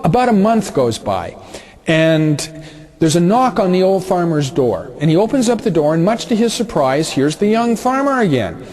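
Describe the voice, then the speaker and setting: A man teaching a business lesson through a relaxed, conversational story, with frequent fillers. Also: a little high.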